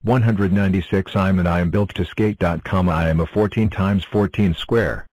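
Number block for a cartoon, male voice, low and dry, stiff self-introductions. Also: normal speed, no room sound, natural voice, rough recording. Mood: plain. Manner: announces itself in short flat sentences. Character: cheerful talking number block.

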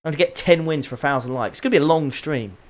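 A man streaming a racing game, chatting casually with viewers, excitable and jokey with plenty of swearing. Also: on the high side, very fast. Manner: excitable, joking, swears freely. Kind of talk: casual live-stream commentary.

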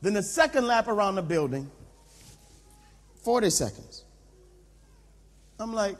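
A male pastor preaching with a high, lively voice that swings widely as he tells a comic story. He talks straight to his listeners in an animated way. A long reverb from a large camp tent trails each phrase. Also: a little slow, pauses often. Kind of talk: humorous sermon storytelling.

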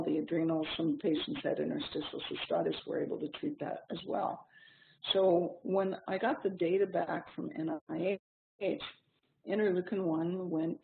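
A middle-aged woman teaches a clinical seminar, her voice gravelly with vocal fry. She explains at a measured pace and often pauses with an "um." The recording sounds thin and phone-like, with a faint hiss underneath. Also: fairly low pitch. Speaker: seminar instructor.

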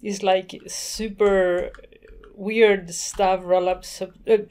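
Speaking into her desk mic, a woman hosts a screen-recorded software tutorial, chatty and easygoing as she thinks aloud and laughs now and then. Her ordinary mid-pitched voice is clean in tone, though her delivery is flat and extremely slow.

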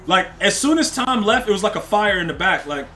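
A man's voice: sits high, lively intonation, fairly quick, sharp tone, faint music behind. A young man live-streaming a game, chatting casually with his viewers and trash-talking opponents in loose slang. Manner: slangy, rambling, talks to chat and opponents.

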